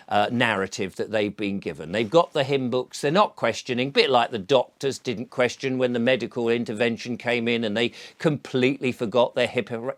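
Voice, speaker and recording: A man giving a mocking solo monologue, often acting out the voices of the people he quotes. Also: mid-range voice. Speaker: video commentator.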